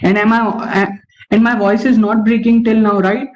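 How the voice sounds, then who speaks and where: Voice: medium pitch, level tone, moderate pace. Young adult, online coding lecture, keeps saying okay, self-correcting, dull lo-fi call audio. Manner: says okay constantly, stops to correct itself. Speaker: webinar presenter teaching algorithms. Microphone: online call microphone.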